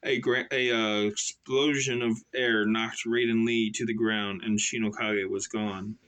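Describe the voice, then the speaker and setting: A man reads his own novel aloud, casually and slowly. He often corrects himself and breaks off to make chatty asides. His voice has a bright, pointed timbre. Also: lowish voice, flat delivery. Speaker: author reading his novel.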